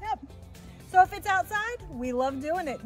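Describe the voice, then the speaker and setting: A middle-aged woman with a bright, high voice walks through a campfire cooking demonstration at a campground. She talks in a cheerful, chatty way, explaining each step as she goes. Faint music plays softly beneath her. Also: lively intonation, normal speed. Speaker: campground host. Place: outdoor campground by a fire pit.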